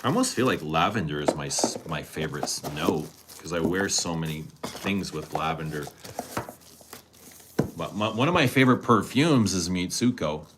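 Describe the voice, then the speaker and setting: A man's voice: deep voice, animated, normal speed, background noise. A man chatting casually with his live-stream audience, teasing viewers and answering their questions. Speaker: fragrance streamer.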